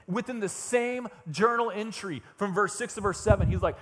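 Male pastor, sermon, conversational and emphatic, slightly high voice, long reverb. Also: moderate pace, hardly any pauses. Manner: casual, emphatic preaching that swings from hushed to loud.

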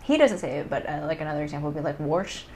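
A woman's voice: low-pitched, very animated, racing, noisy background. A woman co-hosting and editing a podcast, chatting casually, laughing often and swearing offhandedly. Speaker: podcast co-host and editor. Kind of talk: casual chat.

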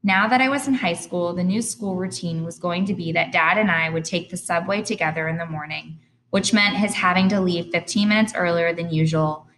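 A woman's voice: lowish voice, brisk, a bit bright, slight background noise, low-quality recording. A woman narrating an audiobook in the first person with earnest, plain storytelling.

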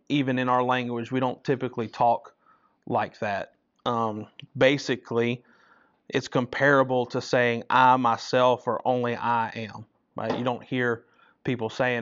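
A man leading a Bible study in a conversational teaching style, often checking in with listeners by asking "right?" after his points. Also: mid-range voice. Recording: dull lo-fi recording.

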